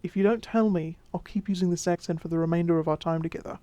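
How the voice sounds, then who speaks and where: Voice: mid-range voice, fairly even intonation, quick pace, no room sound, lo-fi sound, lightly acted. An actor playing a flirty Mexican-accented vampire. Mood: teasing. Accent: Mexican Spanish accent, put on by the figure. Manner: teasing, warm, soothing, drops to whispers. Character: charming flirtatious male vampire, protective. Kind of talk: audio role-play drama.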